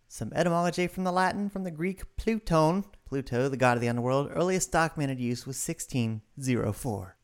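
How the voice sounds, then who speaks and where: Radio host reading the word of the day. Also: medium pitch. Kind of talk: scripted radio segment reading.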